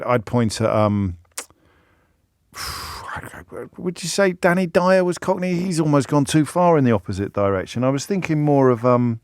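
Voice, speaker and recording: A man's voice: medium pitch, dry recording, clean studio sound. Chatty middle-aged male radio host. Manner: musing, chatty, with frequent restarts and stammered repeats. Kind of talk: live talk-radio monologue. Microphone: studio microphone.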